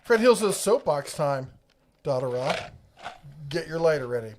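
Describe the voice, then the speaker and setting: A man's voice: fairly high pitch, very animated, unhurried, slight background noise. Rambling middle-aged man hosting a livestream. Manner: rambling, self-interrupting, jokey. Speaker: host of a tool livestream. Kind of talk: casual livestream chat reading viewer comments.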